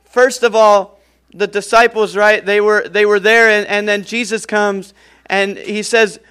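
High-voiced, clear young male preacher. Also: little pitch movement, a little slow, fairly bright tone. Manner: casual, chatty, frequent fillers and laughs. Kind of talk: sermon.

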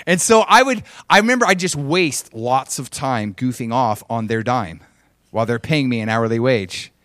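A man's voice: a little slow, no room sound. Man preaching a story-driven sermon. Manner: animated personal storytelling, chuckles often; swings between loud emphasis and soft low asides.

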